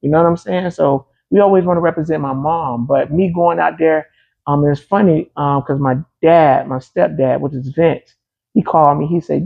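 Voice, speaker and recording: Gravelly man telling a personal story. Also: fairly high pitch, normal speed, phone-quality sound. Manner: emphatic, repeats key phrases. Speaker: interview guest. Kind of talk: casual conversational storytelling.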